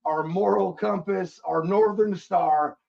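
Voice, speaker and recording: A man's voice: high-pitched, fairly even intonation, slow pace, vocal fry, a little mellow. A man in a podcast, playfully hyping up a colleague in casual banter. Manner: hyped, playful introductions. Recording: dull lo-fi audio.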